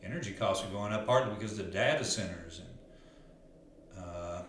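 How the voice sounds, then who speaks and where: Male life coach, lowish voice, earnest and rambling, very echoey room with faint hiss. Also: a little fast, a bit bright. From Arkansas. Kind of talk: casual storytelling monologue.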